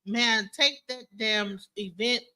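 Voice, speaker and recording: High-voiced woman, crowd chatter behind. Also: fairly even intonation, slow. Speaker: podcast host. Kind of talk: casual storytelling chat.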